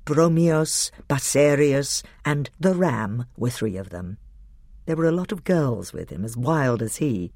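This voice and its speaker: Lively, animated storybook narrator. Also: medium pitch, unhurried, no room sound, studio quality. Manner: expressive, lively storytelling with put-on character shouts. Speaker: audiobook reader.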